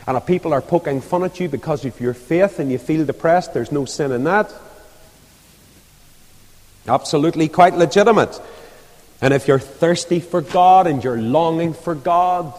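A man's voice: on the high side, moderate pace, darkish tone. A man preaching an impassioned evangelistic sermon, rising to fervent appeals. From Northern Ireland. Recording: echoey hall with long reverb.

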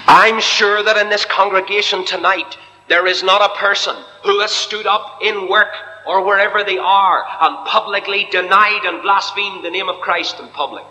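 Male preacher, slightly high and very bright voice, impassioned sermon with swings from hushed to soaring, long hall reverb. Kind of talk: evangelical sermon. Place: church.

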